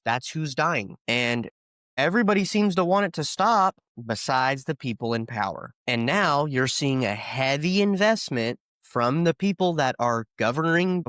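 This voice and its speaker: A man's voice: mid-range voice, fairly bright tone, dry recording. A man hosting a solo podcast, ranting with rhetorical questions and sarcastic asides. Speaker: podcast host.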